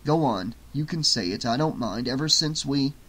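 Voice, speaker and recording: A man's voice: mid-range voice, lively intonation, normal speed, fairly bright tone, slightly rough. A man voicing a worried, earnest young man who lectures tiredly, close to his own voice. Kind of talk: audiobook character voice.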